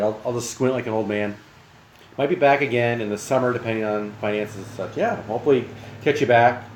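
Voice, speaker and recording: A man's voice: fairly low pitch, echoey room, a little hiss or hum. A young man chatting casually with his live-stream viewers from his home kitchen, rambling and friendly, sometimes talking with his mouth full.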